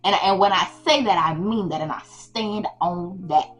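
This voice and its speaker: A woman's voice: fairly low pitch, moderate pace, rough recording. A young woman retelling a Bible story in a casual, slangy, playful way as the host of her channel.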